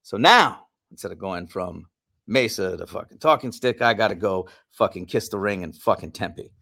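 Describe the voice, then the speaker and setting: A man co-hosting a podcast, telling a long story in a heated, animated way and swearing often. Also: fairly low pitch, normal speed, creaky. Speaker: podcast co-host. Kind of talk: casual storytelling.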